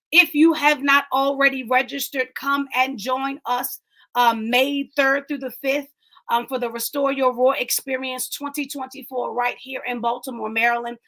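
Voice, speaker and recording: Woman, host of inspirational talk, fairly high pitch, vivid bright tone, emphatic repetition. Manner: emphatic, repeats lines, talks to live viewers. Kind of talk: preaching-style encouragement.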